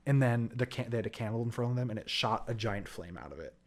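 A man's voice: medium pitch, quick pace. A young man hosting a podcast, recapping a plot in a loose, rambling way full of "like" and "whatever". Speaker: podcast host.

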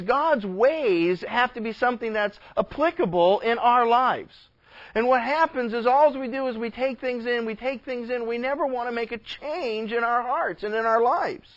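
A male pastor with a fairly high voice who preaches in a folksy, chatty way and talks straight to his listeners. His sermon is heard through a dull, lo-fi recording. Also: fairly bright tone.

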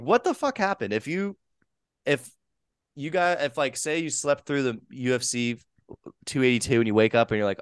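A man hosting a casual podcast chat, swearing freely and swinging between loud bursts and mumbled asides. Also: fairly low pitch, clean tone, no room sound, studio quality. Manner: profane, excitable, swings loud and soft. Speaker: podcast host.

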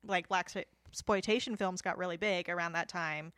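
A woman co-hosting a casual film podcast, chatty and quick to chime in, trailing off with filler phrases. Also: fairly low pitch, fairly even intonation, a bit bright, dry recording, clean studio sound. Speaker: podcast co-host.

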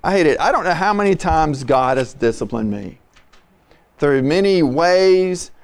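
An earnest male pastor preaching on a podcast who repeats his points for emphasis. His voice is smooth and resonant and sits a little high. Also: animated, measured pace. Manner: earnest, repetitive exhortation. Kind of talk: podcast sermon.

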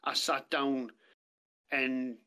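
A man's voice: medium pitch, level tone, extremely slow, bright, forceful tone, clean tone. A British man telling his story as a podcast guest, plain-spoken and blunt, with heavy swearing. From Britain. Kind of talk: casual storytelling chat. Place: podcast studio.

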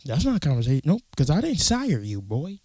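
A young man talking on a casual podcast, telling stories with a lot of swearing, acting out what people said and breaking into sudden loud outbursts. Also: on the high side, brisk, no room sound. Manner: animated, profane storytelling with acted-out quotes and sudden loud outbursts. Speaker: podcast co-host.

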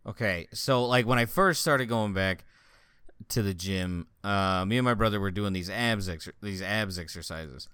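A man's voice: fairly low pitch, normal speed, smooth, no room sound, clean studio sound. A man telling stories in a casual, profane chat with a friend, often laughing. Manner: profane, laughing, animated storytelling. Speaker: friend chatting.

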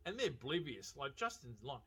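Bright-voiced man ranting about movies. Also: mid-range voice, fairly quick, husky. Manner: animated, profane, laughing storyteller. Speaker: film reviewer. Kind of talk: casual spoken movie review.

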